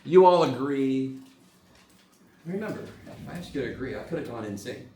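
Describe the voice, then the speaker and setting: Recorded from across an echoey classroom with faint room hum, a male math lecturer talks fast in a medium pitch. He's animated and loose, cracking jokes and cursing freely.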